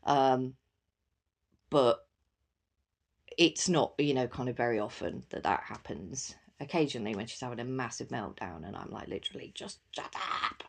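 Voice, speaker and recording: Chatty mum, low voice. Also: female voice, animated, normal speed, creaky, husky. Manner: chatty, laughs often, many fillers. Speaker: podcast host. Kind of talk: casual solo chat.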